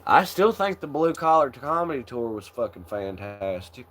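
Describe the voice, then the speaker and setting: A man's voice: medium pitch, big pitch swings, moderate pace, a bit bright. A young man hosting a casual chat, rambling in a laid-back way, swearing often and laughing along. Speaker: channel host.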